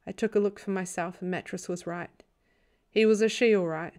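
Calm woman reading a bedtime story. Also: fairly low pitch, normal speed. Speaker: audiobook reader.

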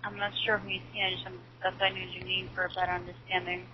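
Casting note: fast-talking businesslike receptionist woman, muffled noisy phone line. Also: lowish voice, little pitch movement. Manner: polite, persistent, businesslike. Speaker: dental receptionist. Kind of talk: phone call.

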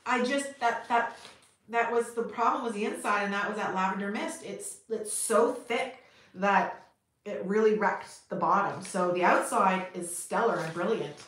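A middle-aged Canadian woman, a potter streaming live, chats upbeat and casually with her viewers, laughing often. Her medium-pitched voice is a bit bright at a moderate pace, in an echoey room with faint noise.

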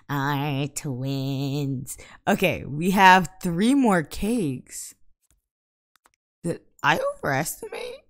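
A woman talks through a life-sim game in casual Let's Play commentary. Her voice is bright and forceful, and her speech is slow and drawn out. She gets exasperated and bursts into loud outbursts. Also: lowish voice. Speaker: gaming YouTuber.

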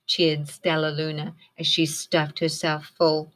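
A woman teacher reads a picture book aloud to children in a fairly low, slow voice. She encourages them and asks them questions as she goes.

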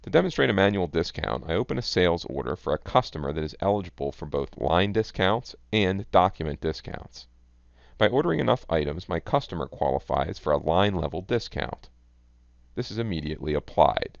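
Deep gravelly man narrating a software demo. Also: animated, fairly quick, no room sound. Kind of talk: scripted product demo narration. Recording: dull, lo-fi dry voice-over.

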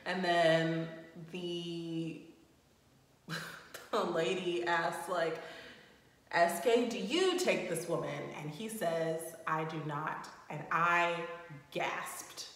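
A young woman recapping a reality show at home in a chatty way, breaking into loud shocked indignation. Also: fairly low pitch, drawn-out words. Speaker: recap host. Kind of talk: casual recap commentary. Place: home room. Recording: roomy echo with long reverb.

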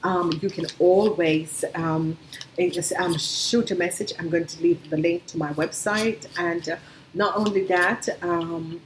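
A woman's voice: on the low side, fairly even intonation, measured pace, slight background noise. A woman giving a tarot reading to her viewers, emphatic and encouraging, with frequent "um" fillers. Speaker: tarot reader. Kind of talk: solo video reading addressed to viewers.

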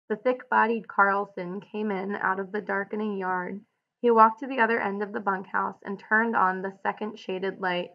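A woman teacher reading a novel aloud and pausing to give clear instructions, on a dull lo-fi recording. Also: medium pitch, steady tone. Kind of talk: audiobook read-aloud with lesson notes.

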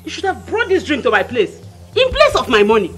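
A woman's voice: high-pitched, wildly swooping pitch, a little fast. A woman with a Nigerian accent, playing a blunt creditor who scolds a man for her money. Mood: scolding. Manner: scolding, bossy. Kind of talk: Nollywood film acting.

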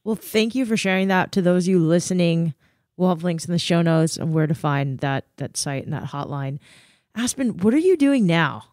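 Female host, encouraging and attentive, lower voice, dry close recording. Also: expressive, moderate pace, a little mellow, no room sound. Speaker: podcast host. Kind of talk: interview conversation.

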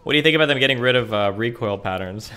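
A man hosting a stream call, cutting in with quick, offhand questions. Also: medium pitch, expressive, noisy background. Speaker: streamer host. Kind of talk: casual chat on a stream call.

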